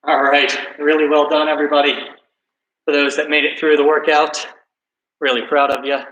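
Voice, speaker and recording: Chatty, higher-voiced man coaching. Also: level tone, moderate pace, a bit bright, dull audio. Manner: friendly, self-deprecating, chatty. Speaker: soccer coach. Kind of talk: casual workout video and storytelling.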